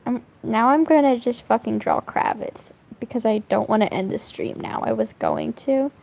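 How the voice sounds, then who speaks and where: A woman's voice: a little high, moderate pace, gravelly, darkish tone, low-quality recording. A young woman chatting casually while drawing on stream, rambling and swearing, laughing often. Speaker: streamer drawing fan art.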